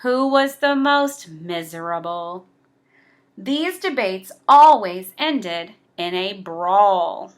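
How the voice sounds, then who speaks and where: Slow, expressive reading of a children's picture book comes from a woman whose voice sits in the mid range.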